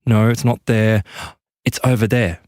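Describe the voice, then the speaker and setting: A man's voice: on the low side, fairly even intonation, measured pace, a little mellow, no room sound, studio quality, close to an everyday voice. A man reading the lines of an insistent woman searching a ruin.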